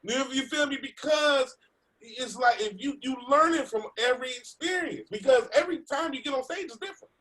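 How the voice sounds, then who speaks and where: A man, a comedian, telling an animated story over a video call, laughing and acting out the voices of other people. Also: very high voice, a little fast. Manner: laughing, acts out voices in his stories. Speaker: comedian guest.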